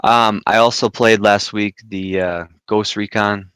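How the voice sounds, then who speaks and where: A man's voice: fairly low pitch, steady tone, fairly bright tone, smooth, no room sound. A man co-hosting a casual gaming podcast, asking questions and teasing the others. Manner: teasing, quick interjections. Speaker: podcast co-host.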